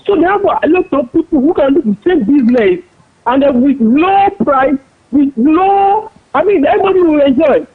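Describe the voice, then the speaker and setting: A man's voice: very high-pitched, lively intonation, moderate pace. A male caller speaking hesitantly with many fillers over the phone. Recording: tinny phone line.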